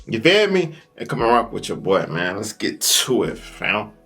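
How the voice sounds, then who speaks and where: A man from Birmingham, Alabama, hosting a casual reaction video in relaxed slangy banter. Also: on the low side, moderate pace, husky, soft background music. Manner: laid-back slangy banter. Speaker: reaction host.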